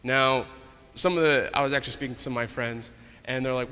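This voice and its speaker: A man's voice: medium pitch, steady tone, quick pace, sharp tone, slight background noise. A man teaching an adult Bible study class in a conversational way, retelling stories with asides. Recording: echoey hall reverb.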